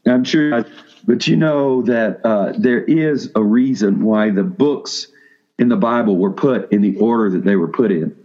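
A pastor with a lowish voice addresses seminary students in an unhurried sermon. He talks casually, frequently restarting sentences and putting questions to the room. The highs in the audio are cut off.

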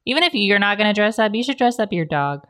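A woman's voice: medium pitch, big pitch swings, fast talker, a bit bright. A woman on a casual podcast, joking and laughing often.

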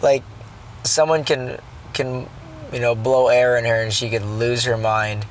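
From inside a car, a father in his thirties reflects on parenting in a casual vlog that turns preachy, earnest and rambling with many restarts. His medium-pitched voice is flat and measured, with slight background noise.

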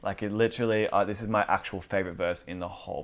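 A man's voice: low-pitched, quick pace. A man who leads a church teaching night, chatting casually about faith and acting out the people in his stories. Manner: animated storyteller who acts out quotes.

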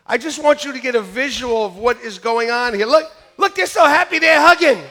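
A man preaching a lively sermon to his church, joking with volunteers in a staged skit and then shouting with excitement. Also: extremely high pitch, brisk, hardly any pauses. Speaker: pastor. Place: church sanctuary.

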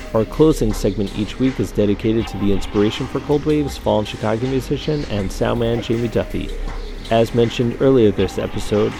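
Podcast host, man, gravelly voice, steady scripted outro read over a music bed. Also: on the low side.

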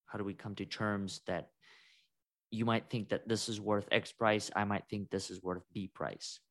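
A man's voice: on the low side, fairly even intonation, normal speed, no room sound. A man co-hosting a podcast, talking through his experience in a reflective, thinking-aloud way with frequent restarts. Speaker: podcast co-host. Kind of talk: conversational podcast chat.

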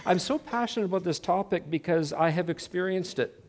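High-voiced middle-aged preacher. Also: male voice, fairly quick. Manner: self-mocking, dramatizes quoted dialogue. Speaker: Christian speaker. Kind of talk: personal storytelling sermon.

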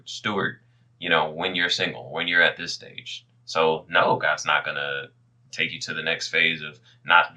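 A man co-hosting a podcast in a casual chat, talking animatedly with loose slang. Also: on the low side. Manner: animated, faith-focused, loose street slang. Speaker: podcast co-host. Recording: distant from the mic.

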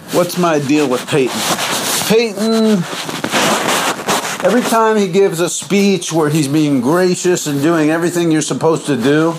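A man hosts his own podcast in a loose, rambling monologue, his slightly high voice swooping up and down as he clowns around. His delivery is goofy and offhand. A steady hiss of background noise sits under the recording. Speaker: podcast host.

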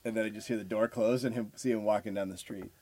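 A man in his thirties, a podcast host, telling a profane, animated story in casual chat. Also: lowish voice, fast talker.

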